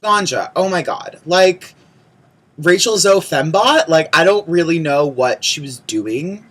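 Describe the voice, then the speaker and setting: A man's voice: a little high, animated, unhurried, a bit bright, breathy edge. Chatty young man giving opinions. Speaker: vlogger reviewing a TV show. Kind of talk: casual chat to camera.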